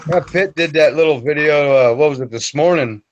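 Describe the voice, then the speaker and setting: A man's voice: fairly high pitch, a little fast, muffled recording, a little hiss or hum. A man joining a casual livestream chat from his phone, laid-back and playfully boastful. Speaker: livestream guest.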